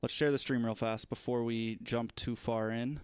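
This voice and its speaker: A young man talks through the start of his livestream in a loose, rambling way, playful and a little scattered. His voice sits at an ordinary middle pitch. The sound is dry and close, with no room echo. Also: steady tone, moderate pace, darkish tone, clear, resonant tone. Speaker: livestreamer and esports shoutcaster. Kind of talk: casual livestream chat.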